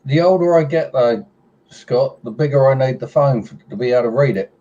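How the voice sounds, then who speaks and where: A man's voice: medium pitch, fairly quick, warm tone, lo-fi sound. A middle-aged man with an English accent, trading dry, teasing jokes in casual chat.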